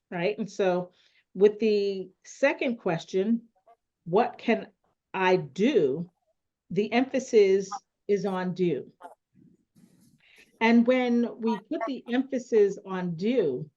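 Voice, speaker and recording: A woman moderating a panel discussion on a call, speaking deliberately and often adding a rhetorical "right?". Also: medium pitch, mellow, dull audio.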